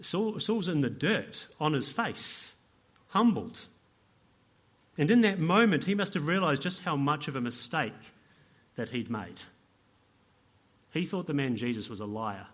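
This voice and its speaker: A male preacher delivers a sermon in an earnest tone. His slightly high voice sinks to hushed, pleading lines and then climbs to emphatic declarations. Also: very animated, a little slow, pauses often.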